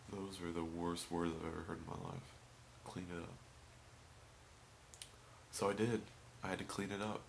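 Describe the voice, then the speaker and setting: A young man telling stories about a fast food job in a casual vlog. He swings between loud outbursts and muttered asides. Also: low-pitched, little pitch movement, vocal fry, slight background noise. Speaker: vlogger.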